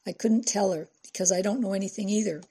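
A woman narrator voicing a brisk, affectionate woman who talks quickly and warmly. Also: mid-range voice, fairly even intonation, breathy edge. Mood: chatty.

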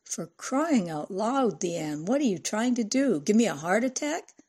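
A stern, weary middle-aged father who scolds in short, clipped commands, read by a woman. The voice sits a little low and carries a husky edge. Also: normal speed, darkish tone. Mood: scolding.

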